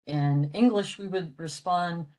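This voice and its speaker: Older woman presenting a library lecture; slow, deep, halting delivery full of "uh"s. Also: darkish tone, poor audio. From western Pennsylvania, USA. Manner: halting, with frequent "uh" fillers. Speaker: presenter of a library language talk. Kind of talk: explaining a lecture.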